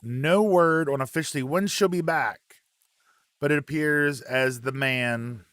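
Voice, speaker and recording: A man hosting a relaxed live wrestling chat, reading out viewer comments with plenty of ums and uhs. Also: on the high side, measured pace, dry recording, studio quality.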